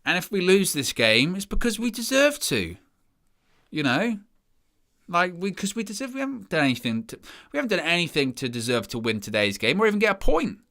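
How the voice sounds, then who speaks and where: A man commentates live over a match, ranting with weary sarcasm about his side. His voice is bright and forward, and his delivery swings between flat disbelief and raised frustration. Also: high voice, brisk. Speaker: fan channel presenter.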